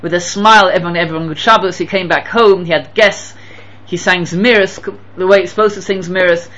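A teacher preaching with fervor, pressing questions and repeating phrases for weight. The voice has a sharp, bright edge. The recording sounds a little muffled and lo-fi. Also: medium pitch, steady tone, fairly quick. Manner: impassioned, with emphatic repetitions and rhetorical questions. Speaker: Torah teacher. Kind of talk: sermon with storytelling.

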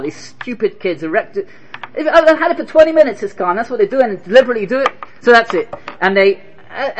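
A man giving an animated Torah lecture, firing rhetorical questions and telling stories. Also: sits high, slight background noise. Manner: animated, rhetorical questions, Hebrew terms woven in. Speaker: Torah teacher.

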